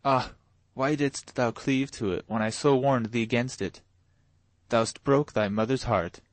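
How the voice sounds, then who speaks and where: A man's voice: mid-range voice, animated, a little slow, no room sound, natural voice. A man reading a storybook voicing a poor middle-aged mother who pleads in archaic speech. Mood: anguished pleading.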